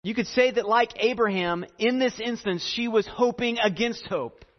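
A man preaching a sermon earnestly, repeating phrases and pausing for effect. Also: very high voice, big-room sound, muffled recording. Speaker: pastor.

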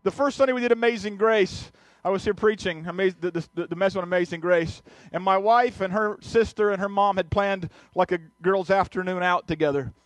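A man's voice: high voice, brisk, hardly any pauses, dry recording. A male pastor telling a personal story in a sermon, earnest, often restarting and repeating his words. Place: church sanctuary.

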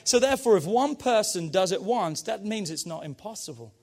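Male pastor, high-pitched voice, fervent emphatic sermon delivery. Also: fairly quick. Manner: energetic, emphatic preaching with call-and-response urging.

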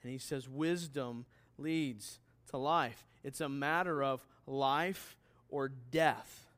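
A man's voice: mid-range voice, slow, a bit bright. A man preaching a sermon as pastor, emphatic and putting questions straight to his listeners.

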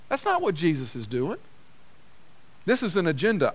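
A man with a notably high voice delivers a sermon from a church. He preaches in an everyday conversational manner, circling back on phrases to drive the point home. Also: wildly swooping pitch, moderate pace, long pauses. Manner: conversational, repeats phrases for emphasis. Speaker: pastor.

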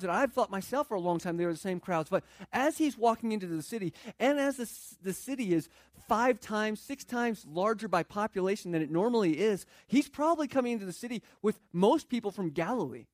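A man's voice: sits high, expressive, a little fast, few pauses, no echo. Earnest man preaching in a dry room. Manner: earnest preaching, quoting scripture, building in intensity. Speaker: pastor. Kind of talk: sermon.

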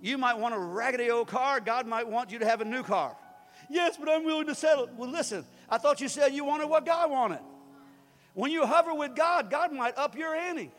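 A man preaching from a pulpit with a very high voice for a man, swinging from plain, joking talk up to shouted declarations. His voice rings with long reverb in a large church hall, soft music under it. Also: animated, moderate pace. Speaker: pastor. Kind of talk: sermon.

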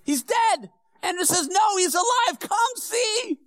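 A man performing a first-person church monologue as the apostle Peter, an earnest middle-aged fisherman, telling the story in a hushed, sorrowful tone that swells into fervent preaching. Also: sits high, animated, moderate pace, dry recording. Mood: excited. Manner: storytelling, swinging from hushed whispers to fervent shouts.

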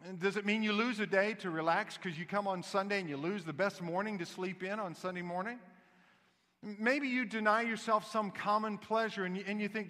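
A man pastor preaching a sermon in a church, an animated storyteller who slips into voiced asides. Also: high-pitched, fairly quick, long reverb tail.

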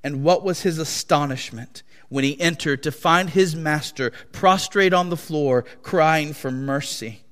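Telling a dramatic story within a sermon, a male preacher reads slowly, solemnly and with weight. His voice is on the high side and a bit bright, carried by the long echo of a large hall.

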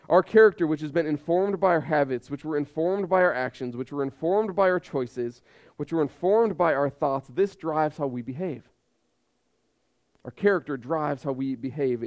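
A pastor in his thirties preaches a sermon built on emphatic repetition and rhetorical questions. His voice is mid-range and a little mellow.

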